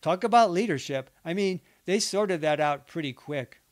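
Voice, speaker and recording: A man narrating a nonfiction account, reading interview quotes in an even, measured way. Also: fairly high pitch. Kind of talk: documentary book narration.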